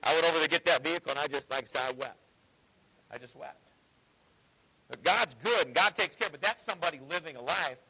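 A man's voice: on the high side, brisk, vocal fry, long pauses, sharp tone, husky, poor audio. A man preaching a sermon in an earnest, conversational way with folksy asides. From Ohio.

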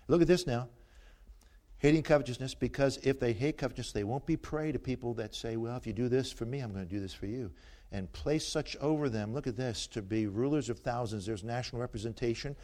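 An older man preaching a sermon, animated and joking as he tells stories and teases his listeners. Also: medium pitch, a little fast.

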